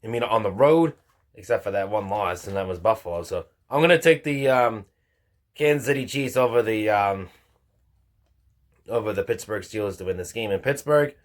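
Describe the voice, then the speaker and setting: A man hosting his own football picks show, talking through results and picks in an informal, halting way. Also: on the low side, expressive. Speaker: sports picks host. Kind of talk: casual football picks commentary.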